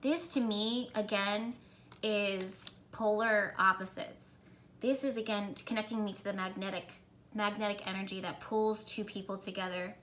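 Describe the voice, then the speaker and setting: A woman's voice: mid-range voice, fairly even intonation, normal speed, fairly bright tone, a little hiss or hum. A woman giving a casual spiritual tarot reading, earnest and encouraging, rambling with restarts, recorded on a camera mic at home. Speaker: tarot reader.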